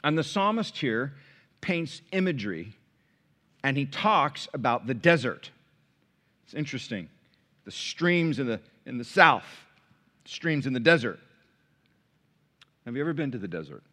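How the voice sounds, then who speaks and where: A middle-aged man preaching a sermon as pastor, conversational and animated, with sudden high bursts. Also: a little slow, pauses often. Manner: animated, conversational, sings hymn lines.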